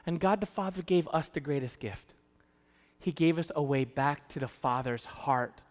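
A man preaching a sermon, animated, swinging from loud emphasis to hushed storytelling. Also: a little high, normal speed. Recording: long hall reverb.

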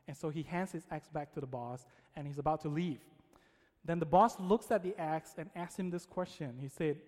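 A man's voice: fairly high pitch, fairly quick, a little mellow, big-room sound. A man giving a sermon to men, telling a story in a casual, conversational way with frequent "right?".

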